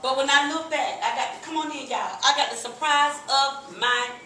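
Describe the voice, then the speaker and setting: Bright-voiced woman in an echoey room. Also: high-pitched, moderate pace. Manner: lively, laughing, folksy, addresses crowd as "y'all". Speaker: sales presenter at a business meeting. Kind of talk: animated testimonial to a live audience. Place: meeting room with audience. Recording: echoey room, recorded from a distance.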